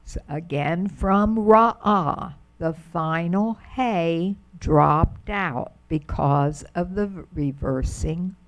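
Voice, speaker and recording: Slow, gravelly-voiced woman teaching Hebrew. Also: fairly low pitch, muffled recording, slight background noise. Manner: patient, drawn-out pronunciation of words. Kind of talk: slow, careful classroom explanation.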